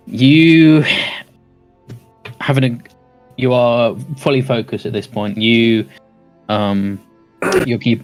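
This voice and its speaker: Man narrating as game master, laughing often. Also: on the low side. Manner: laughing, rambling narration with many restarts.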